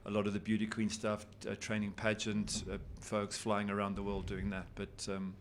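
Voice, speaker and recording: A man's voice: lowish voice, monotone, moderate pace. Middle-aged man, radio guest, chatty storyteller, teasing, faint background noise. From South Africa. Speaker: radio guest, soccer commentator. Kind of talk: casual chat. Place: radio studio.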